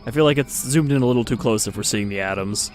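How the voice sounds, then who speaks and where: A man's voice: mid-range voice, quick pace, music in the background. A man hosting a let's play, making casual, joking and wry game commentary.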